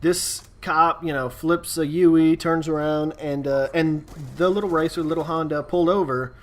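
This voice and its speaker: A man's voice: on the high side, normal speed. Man rambling through a casual story. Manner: rambling, relaxed, full of fillers and asides. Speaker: gaming YouTuber. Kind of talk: casual storytelling over gameplay.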